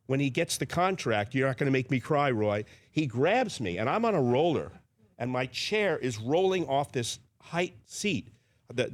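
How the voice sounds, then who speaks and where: A man, a veteran sports interviewer, telling chatty anecdotes as a guest and acting out the quotes. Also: fairly high pitch. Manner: animated, chatty, acts out quotes. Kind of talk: anecdotal storytelling.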